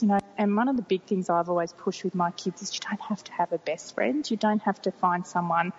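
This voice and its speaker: A woman in her forties, a mother talking frankly and rambling as she corrects herself in a casual conversation. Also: fairly low pitch. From Australia. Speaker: interviewee, mother of three. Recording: muffled, reverberant, faint hiss.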